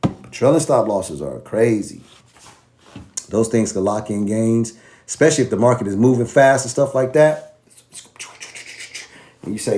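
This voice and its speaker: A man casually teaching trading, animated and slangy, acting out both sides of an argument with himself. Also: on the low side, moderate pace, pauses often. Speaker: trading educator.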